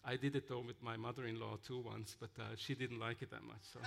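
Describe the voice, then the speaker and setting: A man telling mission stories in a sermon, halting with fillers and restarts. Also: medium pitch, steady tone, vocal fry, fairly bright tone, a little hiss or hum. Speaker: missionary speaker. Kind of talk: sermon-style storytelling.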